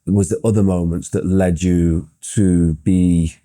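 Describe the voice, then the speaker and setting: A man's voice: low voice, flat delivery, unhurried, mellow, dry recording, studio quality. A male podcast host asking follow-up questions, hesitant and searching for the words. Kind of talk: interview questions.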